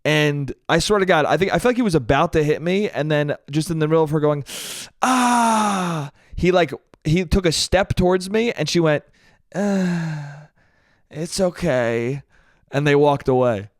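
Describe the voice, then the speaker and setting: A man talks to himself on his podcast, spinning a rambling comic anecdote and laughing at his own lines. His voice sits a little high for a man, and the recording is dry and close with no room sound. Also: brisk, hardly any pauses, no room sound. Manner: rambling, laughs at own stories, says "dude" a lot. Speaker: podcast host. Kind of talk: solo comedic storytelling.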